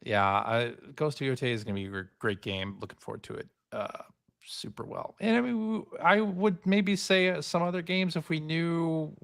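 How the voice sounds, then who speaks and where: A man's voice: a little high, lively intonation, moderate pace, vocal fry, fairly bright tone, smooth. A man co-hosting a podcast, talking casually and enthusiastically with plenty of fillers. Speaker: podcast co-host. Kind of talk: casual chat.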